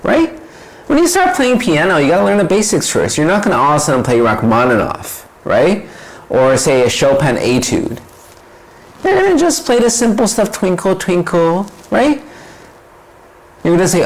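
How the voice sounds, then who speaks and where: A man's voice: high-pitched, big pitch swings, moderate pace, poor audio. A man giving a casual, reflective monologue as a vlogger, wandering into side stories and asking rhetorical questions. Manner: conversational, digressive with rhetorical questions. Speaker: vlogger explaining ideas.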